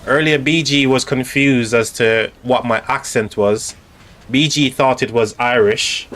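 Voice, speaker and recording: A man hosting a game live stream rambles casually in a medium-pitched, fairly bright voice, steady in tone and a little slow. He talks straight to his chat while spectating the match, filling gaps with ums and repeated words.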